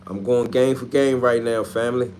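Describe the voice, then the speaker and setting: A man runs a casual livestream, answering his viewers in loose street slang. He trash-talks in an animated way at a middle pitch. A faint hiss sits under his voice. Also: normal speed. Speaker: livestream host. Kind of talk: casual livestream chat reading comments.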